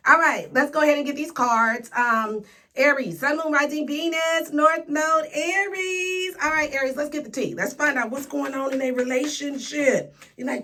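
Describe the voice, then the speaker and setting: A woman's voice: high voice, moderate pace, sharp tone. A woman giving a casual, sassy tarot reading, talking straight to her viewers with playful slang. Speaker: tarot reader.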